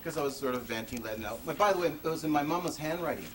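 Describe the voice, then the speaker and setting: Guy giving a fired-up talk, kinda high voice, mic far off, old 80s tape hiss. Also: expressive, very fast. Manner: emphatic, conversational storytelling with sudden rises in voice. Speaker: presenter at a public talk. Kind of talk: impassioned public talk. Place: presentation venue before an audience. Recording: distant mic with faint noise, 1980s video.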